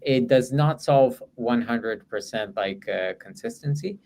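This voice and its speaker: A man's voice: medium pitch, animated, measured pace, a little mellow, slight background noise. A man presenting in an online webinar, answering audience questions in a hesitant way with many fillers and restarts. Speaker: guest presenter.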